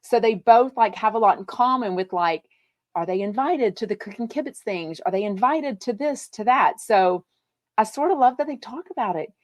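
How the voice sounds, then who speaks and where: A woman's voice: fairly high pitch, expressive, moderate pace, dry recording, studio quality. A woman from Texas, hosting a live podcast, chatting casually and reading out viewer comments in a bubbly, gushing way with lots of fillers. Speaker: podcast host.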